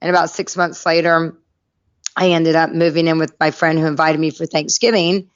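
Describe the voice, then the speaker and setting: Lively storytelling woman from North Carolina. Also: deep voice, normal speed, clear, resonant tone, dry recording, dull audio. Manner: lively anecdotal storyteller, acts out quoted voices. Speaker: podcast guest. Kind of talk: storytelling interview.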